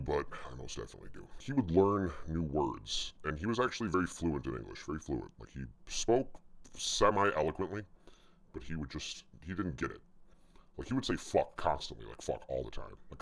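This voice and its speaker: Gravelly, very deep-voiced man. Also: a bit bright. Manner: profane, rambling, self-mocking. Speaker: vlogger telling work stories. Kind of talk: casual storytelling.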